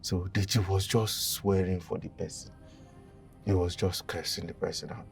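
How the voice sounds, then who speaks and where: A young Nigerian man tells a comic confession with a dramatic, animated storyteller's flair. His voice sits low with a gravelly edge. He is a little far from the mic, with music playing softly behind. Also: moderate pace. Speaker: guest.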